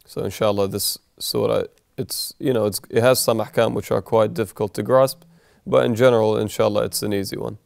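Gravelly-voiced man teaching recitation. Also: fairly low pitch, steady tone, a little fast, a little mellow, dry recording, clean studio sound. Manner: patient, repeats and contrasts examples; switches into melodic recitation. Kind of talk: explaining recitation rules.

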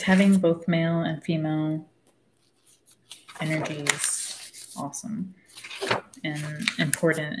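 Slow, low-voiced woman musing on a book. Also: background noise. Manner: rambling and frank, loses her train of thought, swears casually. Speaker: book discussion host. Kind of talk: casual spoken book commentary.

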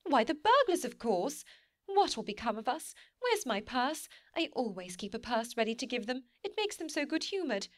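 A high, loud and panicky middle-aged wife from a storybook, fussing over imagined burglars, as a woman reader puts her on. Her voice leaps up in alarm and stays breathless with fright. The reading is dry and close, with no room around it. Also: sing-song, moderate pace, no echo. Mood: panicked. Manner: panicky, exclaiming. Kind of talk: audiobook character reading.

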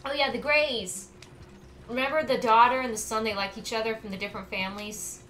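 A woman's voice: on the high side, steady tone, brisk, sharp tone, a little hiss or hum. A woman streamer chatting playfully while playing a game. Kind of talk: casual gameplay commentary.

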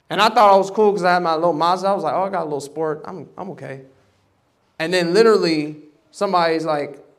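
A man preaching a sermon, animated and dramatic, acting out voices and swinging from loud bursts to hushed tones. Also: on the high side. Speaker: pastor. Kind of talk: sermon storytelling. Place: church service.

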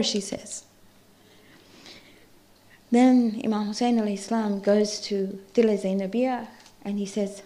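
High-voiced woman giving an impassioned sermon. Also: darkish tone. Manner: impassioned storytelling, voice rising and breaking with grief. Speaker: zakira leading a ladies majlis. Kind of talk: emotional religious narration. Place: mosque hall.

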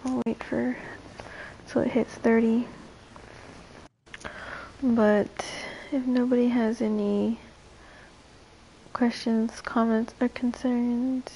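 A young woman hosts a late-night livestream in a drowsy, trailing-off way. Her voice sits a little high but runs rough and gravelly tonight, and her words come slowly. A faint hiss sits under the recording. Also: flat delivery, dark tone, low-quality recording. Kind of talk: casual late-night stream chat.

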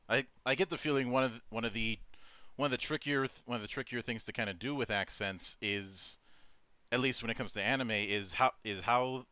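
A man from Minnesota hosting an interview, speaking in a halting way with many restarts and ums. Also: on the low side, pushed and bright, clear, resonant tone, no room sound. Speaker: host. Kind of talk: casual interview chat.

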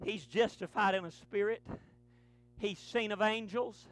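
A man, preaching a fervent sermon to his church, punctuating lines with breathy "uh"s. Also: high voice, unhurried. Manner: fervent preaching with rising, shouted runs and many "uh" breaths. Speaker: pastor. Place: church sanctuary.

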